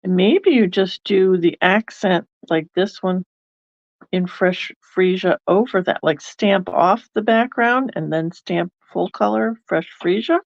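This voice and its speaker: A woman's voice: lowish voice, unhurried, vocal fry, no echo, lo-fi sound. A woman hosting a card-making video, chatting casually and thinking aloud as she works. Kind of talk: casual crafting demonstration.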